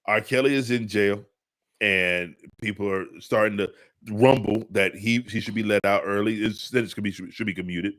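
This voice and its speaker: A man co-hosting a casual podcast, talking in an animated way, repeating himself and laughing often. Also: lowish voice, moderate pace. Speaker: podcast co-host. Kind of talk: casual chat.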